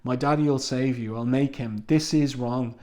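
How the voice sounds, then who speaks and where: A man's voice: mid-range voice, steady tone, a little slow, darkish tone, close to an everyday voice. A man reading out the pleading lines of a crying four-year-old boy, in his own everyday voice.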